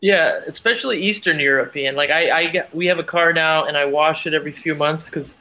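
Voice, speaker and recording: A man's voice: fairly high pitch, fairly quick, pushed and bright, slight background noise, poor audio. A man co-hosting a podcast, telling playful rambling stories in casual chat. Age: older. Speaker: podcast co-host.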